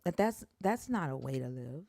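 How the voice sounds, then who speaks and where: A woman with a low voice speaks earnestly in a casual chat, cursing when upset and leaping sharply upward when feelings rise. The sound is dry and close. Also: sing-song, moderate pace, gravelly, warm tone, no echo.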